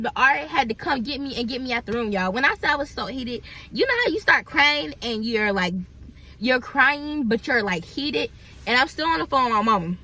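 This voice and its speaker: A young woman, telling viewers a storytime in an animated, chatty way. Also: a little high. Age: young adult. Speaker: vlogger. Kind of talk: storytime vlog.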